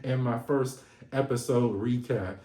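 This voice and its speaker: A man hosting a casual reality TV recap vlog, animated and sassy, laughing and swearing often. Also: medium pitch, measured pace. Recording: echoey room.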